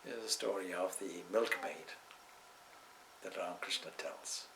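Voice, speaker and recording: A low, gravelly male voice with a bright, forceful edge gives a spiritual talk in a loose, discursive way. He drifts into stories and side remarks as he goes. A faint hiss sits under the voice. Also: unhurried, low-quality recording. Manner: discursive, with asides and restarts. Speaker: swami giving a spiritual talk. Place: indoor talk venue.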